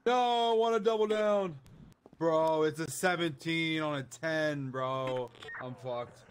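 A man reacting loudly and swearing while playing cards with others in a game. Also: a little high. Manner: loud, swears, quick reactions. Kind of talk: casual gaming chat.

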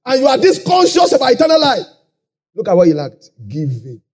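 A man with a Nigerian accent preaching a sermon, shouting key lines and lapsing into a sing-song cadence. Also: very high-pitched, huge pitch swings, a little fast. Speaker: pastor. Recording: live conference hall.

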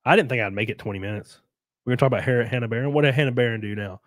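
A sick, congested American man with a medium-pitched voice hosts a casual livestream, talking rapid-fire with no room sound. He reads viewer comments, chats loosely, swears and trails off mid-thought.

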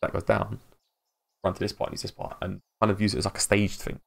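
A man's voice: fairly low pitch, little pitch movement, fast talker, creaky. An English man hosting a casual live game stream, rambling, laughing often and greeting viewers in chat by name. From England. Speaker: livestream host.

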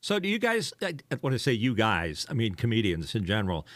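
Halting male podcast host. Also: on the low side, wildly swooping pitch, a bit bright, no room sound, clean studio sound. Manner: halting, many "uh" fillers. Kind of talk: interview questions.

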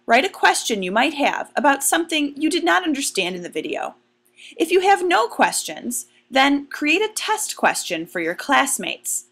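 A woman teacher explaining a lesson in a clear, deliberate way to her students. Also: a little high, a bit bright. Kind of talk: recorded classroom lesson.

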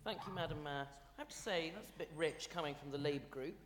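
A man's voice: fairly high pitch, fast, background noise. A man, a councillor delivering an indignant, formal rebuttal in a council debate. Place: large council chamber. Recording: echoey chamber with long reverb.

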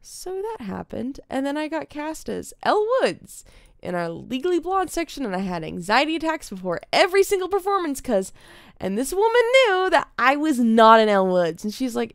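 A woman's voice: sits high, normal speed, clear, resonant tone, no room sound, studio quality. A young adult woman streaming a game, chatting casually and telling stories from teaching theater, her voice dropping to a whisper when she quotes a child. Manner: animated, drops to a whisper when quoting a child. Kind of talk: casual storytelling while gaming. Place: home streaming setup.

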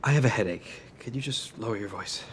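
A man's voice: lowish voice, quick pace, a little hiss or hum, natural voice. An actor playing an exasperated doctor who says he has a headache and talks blunt and tired. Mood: weary. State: headache, strained. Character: weary male doctor and friend, exasperated.

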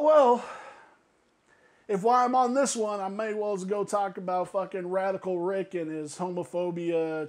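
A woman's voice: on the low side, darkish tone. Exasperated woman ranting on her vlog. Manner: exasperated, swearing, laughs between jabs; repeats phrases for emphasis. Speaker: YouTube channel host.

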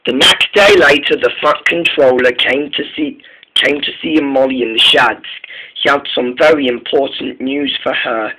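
A man narrating a train story, halting, with frequent restarts and repeated words. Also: mid-range voice, noisy background. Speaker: story reader.

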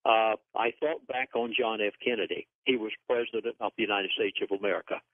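A man's voice: on the low side, steady tone, fairly quick, dry recording. A man guest on a call-in radio show, speaking in an earnest, grave and emphatic way over a phone line. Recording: dry, tinny phone line.

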